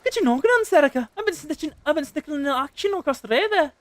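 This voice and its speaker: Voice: high-pitched, expressive, quick pace, dry recording, pitched above the performer's own voice. A streamer voicing a sly, cheery male rogue guildmaster with an Irish accent who calls people lass. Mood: scheming.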